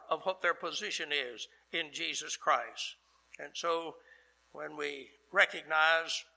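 An older male pastor delivers a sermon in a very bright, slightly high voice. He speaks earnestly, with deliberate pauses between his phrases. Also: creaky, low-quality recording.

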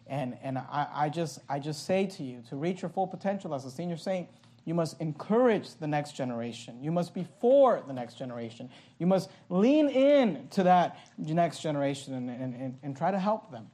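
A pastor preaching a sermon with impassioned delivery and many quick restarts of his phrases. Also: a little high, expressive, mellow.

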